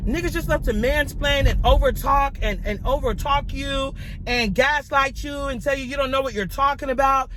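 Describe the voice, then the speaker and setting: A woman's voice: sits high, fairly quick, noisy background. A woman vlogger talking bluntly and heatedly, swearing freely as she rants to the camera. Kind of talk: vlog rant.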